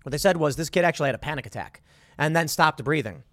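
A man in his thirties hosts a commentary show, delivering an opinion monologue that is sarcastic, exasperated and rambling, with frequent restarts. His voice is a little high, expressive, fast and fairly bright, recorded in a clean studio with no room sound.

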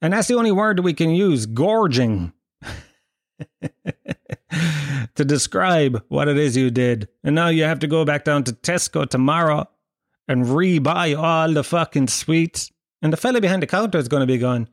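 A man's voice: on the high side, lively intonation, moderate pace, no echo, studio quality. A man telling rambling comic stories in a casual, profane, wry way, laughing as he goes.

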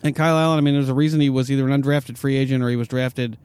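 A man hosting a sports talk show, who reads out news reports briskly and then turns to banter with his co-hosts. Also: mid-range voice, fairly even intonation, darkish tone, clean tone, no echo. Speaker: podcast host.

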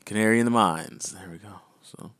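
A man's voice: lowish voice, brisk, fairly bright tone, dry recording, studio quality. A man co-hosting a podcast, reading news headlines and explaining them in casual chat, often adding "right?". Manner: reads headlines, then explains loosely with "right?" asides. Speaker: podcast co-host.

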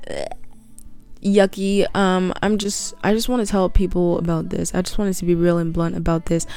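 A woman's voice: on the low side, dark tone, clean tone. A young woman hosting a casual Christian podcast, talking earnestly and bluntly with slang and restarts, a little tired. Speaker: podcast host.

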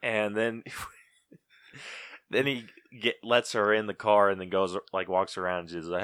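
Ranting, bright-voiced man, profane. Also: on the low side, little pitch movement, a little slow, long pauses, smooth, no room sound, clean studio sound. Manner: ranting, profane, acts out movie lines mockingly. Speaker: podcast co-host. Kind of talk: casual chat.

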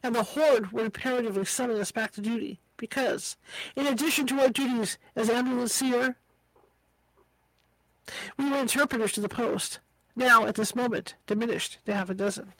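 A woman's voice: on the high side, fairly even intonation, moderate pace, fairly bright tone, dry recording, rough recording. A woman reading a book aloud as an amateur reader, tripping over hard words and slipping in casual asides. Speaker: audiobook reader.

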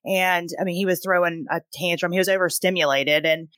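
A woman's voice: lowish voice, fairly even intonation, brisk, a bit bright, dry recording. A woman in her thirties, a mother and podcast guest, explaining things earnestly. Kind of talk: casual panel chat.

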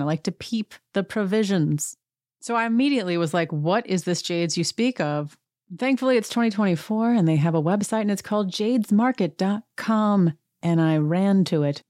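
A woman's voice: mid-range voice, darkish tone, no room sound, clean studio sound. A woman hosting a podcast, giving a chatty and wry recap of a TV episode. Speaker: podcast host. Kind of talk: casual TV recap monologue.

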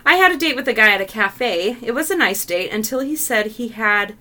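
Female co-host for read-aloud stories; bright tone, slightly high voice. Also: brisk. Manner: expressive, laughs often. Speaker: co-host reading listener stories. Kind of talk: reading stories aloud with casual reactions.

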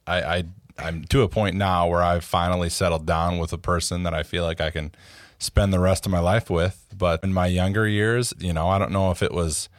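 A man co-hosting a casual podcast, with a very low voice. He talks haltingly, restarting and repeating words, and pokes fun at himself. The recording is dry and close. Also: steady tone, no room sound. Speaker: podcast co-host. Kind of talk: casual chat.

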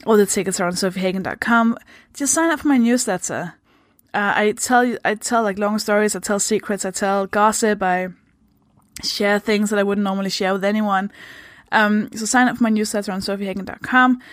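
A woman's voice: medium pitch, fairly quick, dry recording, clean studio sound. Chatty, giggly podcast host, a woman. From Denmark. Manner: chatty, giggly, swears freely; slips into goofy voices for jokes. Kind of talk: casual podcast chat.

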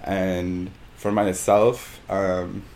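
A man's voice: sits low, little pitch movement, drawn-out words, darkish tone, a little hiss or hum. A man co-hosting a podcast in casual chat, rambling and hesitant with many fillers. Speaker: podcast co-host.

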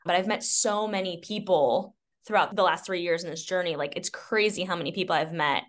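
A woman's voice: on the low side, a little fast. A young woman, a cycling studio owner, answering interview questions in a casual, upbeat way with frequent laughs. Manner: upbeat, laughs often, filler-heavy.

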